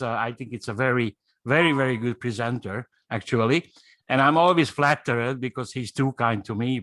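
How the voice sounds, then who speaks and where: A man whose first language is Hungarian, giving an enthusiastic guest pitch on a webinar, stressing points and tagging them with "okay?". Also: fairly bright tone, no echo. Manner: emphatic, repeats "okay?" and key phrases. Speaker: guest speaker.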